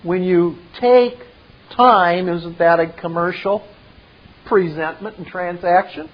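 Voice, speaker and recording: A man walks through a film scene at an unhurried, deliberate pace, breaking off for his own asides. His voice sits high for a man, and the recording is muffled and lo-fi. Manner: retelling step by step, with asides. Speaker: film commentator.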